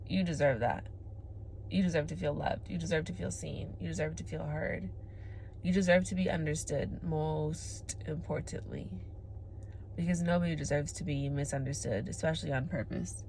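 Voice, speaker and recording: A woman's voice: low-pitched, slight background noise. A woman in her twenties talking to camera in a candid girl-talk monologue, emphatic, with frequent swearing and "like" fillers. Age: 20s. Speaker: vlogger.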